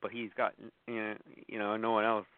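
A man's voice: fairly low pitch, monotone, brisk, clear, resonant tone. A man co-hosting a podcast, chatting casually and dismissively. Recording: tinny phone-like dry sound.

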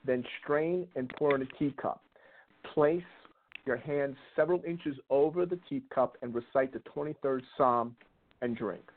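A man's voice: medium pitch, measured pace. A man with a New York accent, a rootworker on a call-in radio show, reading out herbal spell instructions step by step. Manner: reads instructions methodically. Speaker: rootworker giving a spell segment. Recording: phone-line call-in audio.

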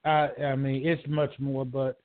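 A man from Georgia calling in to a talk show, speaking emotionally in a halting, rambling way with many restarts. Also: medium pitch, little pitch movement. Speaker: caller. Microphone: telephone. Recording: tinny phone line.

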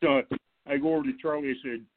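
A man, a former football coach, calling in to a radio show and telling lively stories about his old players and staff. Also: medium pitch, fast talker, noisy background. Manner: animated storyteller, acts out quotes, laughs along. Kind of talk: telling anecdotes on a call-in show. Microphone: telephone. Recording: tinny phone line.

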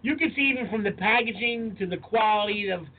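A man's voice: sits high, a little fast. A man in his forties co-hosting a casual podcast chat, emphatic and profane as he tells stories. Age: 40s. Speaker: podcast co-host. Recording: tinny phone-like sound, faint noise.

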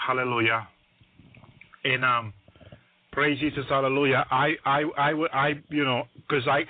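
Stammering preacher saying hallelujah, phone line. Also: male voice, mid-range voice. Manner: repeats "hallelujah" constantly, stammering restarts; grows louder and more excited. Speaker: radio ministry preacher. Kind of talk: testimony sermon. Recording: dry, phone-like radio broadcast line.

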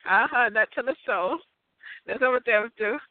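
A woman's voice: fairly high pitch, expressive, normal speed, background noise. A woman giving a rambling, profane comic rant, laughing often between lines. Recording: tinny phone-like audio, dry.

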